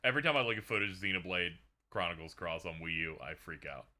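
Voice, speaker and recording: A man's voice: sits low, lively intonation, quick pace, bright, forceful tone. A man hosting a stream in casual chat, sarcastic and joking. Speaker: streamer host.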